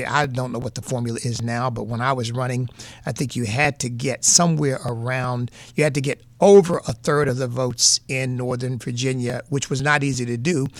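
A man's voice: mid-range voice, creaky, no echo. A man with a New England accent giving earnest, folksy political commentary as a radio host, repeating points for emphasis.

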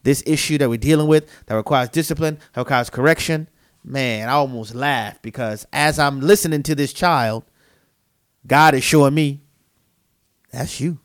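A man's voice: medium pitch, normal speed, clear, resonant tone. A man co-hosting a Christian talk show, speaking in an earnest, emphatic, preacherly way. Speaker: co-host. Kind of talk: Christian podcast conversation, preaching manner.

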